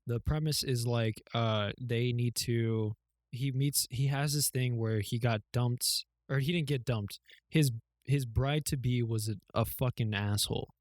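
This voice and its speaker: A man's voice: mid-range voice, fairly even intonation, unhurried, no echo, studio quality. A man co-hosting a podcast in casual chat, rambling through a story with many fillers, cusswords and laughs. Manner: rambling plot retelling with fillers, swearing and laughs. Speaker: podcast co-host.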